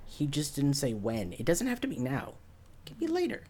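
A woman with a strikingly deep, dark voice muses aloud during a tabletop game. Her pitch swings widely as she talks, casual and easygoing. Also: wildly swooping pitch, a little fast, a little hiss or hum. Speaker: player.

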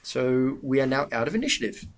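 A man narrating as game master in a tabletop game, animated and quick to laugh. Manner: animated, laughing, jumping up in pitch when excited.

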